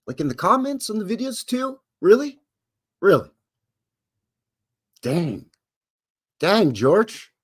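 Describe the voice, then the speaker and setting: A man's voice: high voice, very animated, slow, pauses often, husky. Folksy Canadian man hosting a livestream. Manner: folksy, jokey, greets chatters by name. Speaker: livestream host. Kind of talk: casual live-stream chat.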